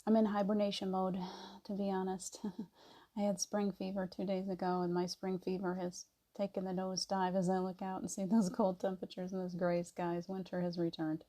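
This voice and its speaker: A woman hosting a casual live stream, chatting gently and greeting viewers by name. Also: mid-range voice, monotone, moderate pace. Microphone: device mic on a video stream.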